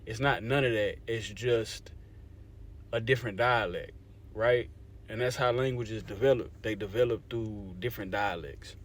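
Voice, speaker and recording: A man's voice: on the low side, moderate pace. A young adult man from Louisiana in a casual talk to camera, explaining things conversationally and often checking in with his listeners. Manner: conversational, repeats "you see what I'm saying". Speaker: language advocate.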